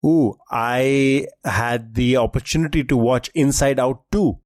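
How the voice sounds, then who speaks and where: A man's voice: mid-range voice, fairly even intonation, a little slow, a little mellow, dry recording. Chatty, enthusiastic man co-hosting a quiz podcast. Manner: chatty, enthusiastic, thinks aloud. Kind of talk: casual chat.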